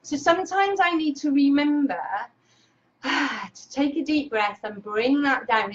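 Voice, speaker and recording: Energetic woman host coaching on camera; bright, excitable delivery, lo-fi webcam audio. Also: high-pitched, normal speed, slight background noise. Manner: excitable, energetic, greets viewers by name. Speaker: Facebook Live host and speaking coach. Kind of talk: casual live-stream coaching talk. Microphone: webcam clipped on monitor.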